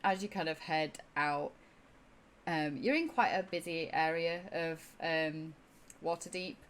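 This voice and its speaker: A woman's voice: deep voice, measured pace. A woman running a tabletop game as game master, narrating in a hesitant way with many fillers.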